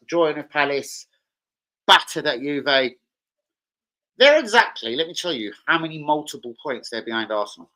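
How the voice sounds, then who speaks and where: A young man chatting on a football livestream, bright and forceful in tone. His pitch swings widely as he tells rambling, sweary stories. He talks casually and loosely. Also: normal speed, low-quality recording. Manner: sweary, rambling anecdotes, animated. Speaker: football channel host.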